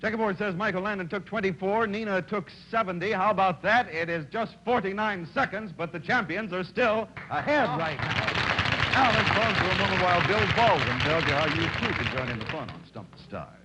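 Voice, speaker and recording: A man hosting a TV game show, quick and teasing, chatting with contestants and reeling off guest lists. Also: sits high, animated, very noisy. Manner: quick, chatty and teasing, rushing through names. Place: TV studio before a live audience. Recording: studio audience in the background.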